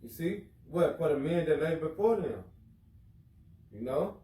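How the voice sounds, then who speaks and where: A man's voice: on the high side, expressive, measured pace, mellow, roomy sound, far from the mic, low-quality recording. A man teaching in an informal religious lesson, casual, who keeps asking listeners if they follow him. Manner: casual, keeps asking "you know what I'm saying?".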